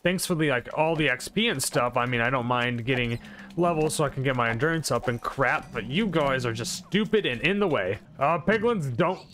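A man giving live commentary over his own gameplay, excitable and full of exclamations and mild swearing. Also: medium pitch, normal speed. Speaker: gaming video creator.

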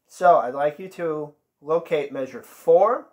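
A man's voice: a little high, takes it slowly, a little mellow. A man teaching an online band lesson, patiently counting beats aloud and calling out note names.

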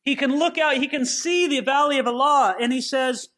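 A man's voice: extremely high pitch, moderate pace, pushed and bright. A man giving a sermon-style Bible teaching, earnest and putting questions straight to his listeners.

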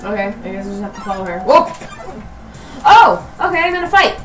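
A woman's voice: medium pitch, sing-song, fairly quick, close to an everyday voice. A woman voicing a cheerful young female toy horse playing a game, bubbly, giggly and playfully sarcastic. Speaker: let's play player. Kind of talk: let's play commentary. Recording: roomy, distant mic, background music.

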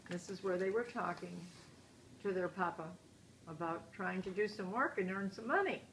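A woman's voice: mid-range voice, lively intonation, moderate pace. Older woman reading a storybook to kids. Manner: asks children questions, gently moralizing. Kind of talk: picture book read-aloud with asides to kids. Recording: roomy echo, faint hiss.

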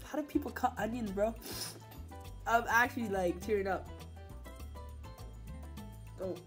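A woman vlogging in a casual, playful way, joking with her viewers and breaking into sudden loud exclamations. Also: mid-range voice, measured pace, faint music behind. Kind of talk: casual vlog chat.

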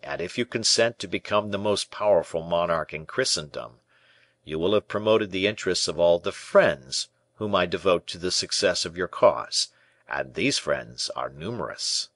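A man reading an audiobook, voicing a scheming courtier who speaks in a measured, low, persuasive way. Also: a bit bright, dry recording.

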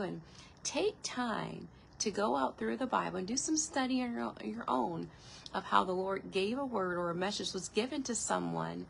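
A woman's voice: medium pitch, creaky, a little hiss or hum, rough recording. A woman pastor preaching a devotional sermon, earnest and encouraging, stretching out the words she stresses. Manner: earnest, encouraging, drawn-out emphasis on key words.

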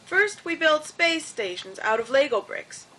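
A woman's voice: high voice, sing-song, a little slow, sharp tone, voice pushed up, exaggerated voice. A woman voicing a friendly, eager young male duck who delivers the newspaper, in a storybook reading. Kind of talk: storybook character voice.

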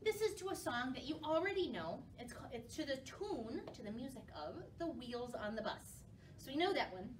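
A woman children's librarian leading a storytime, talking to young kids in an animated, playful way. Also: high voice, moderate pace, a little hiss or hum. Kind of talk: children's storytime reading and rhymes. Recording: voice from a distance from the mic, faint ukulele. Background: faint ukulele.

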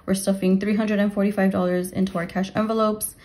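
A young adult woman talking casually to her viewers about her family budget, rambling with fillers, then counting cash aloud in a steady rhythm. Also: medium pitch, fast. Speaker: budgeting vlogger. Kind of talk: casual talk to camera while counting cash.

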